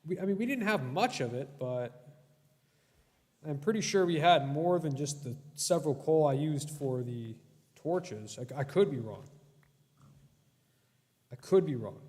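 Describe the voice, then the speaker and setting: A man's voice: on the high side, lively intonation, measured pace, pauses often, darkish tone. A young man streaming a game, giving casual gameplay commentary, yelping in alarm and bantering with his chat. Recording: long reverb.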